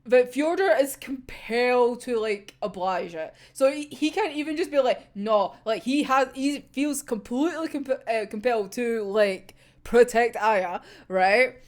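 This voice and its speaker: A young woman ranting about a manga chapter in a casual fan reaction, excitable, swearing freely and laughing often. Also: a little high, measured pace.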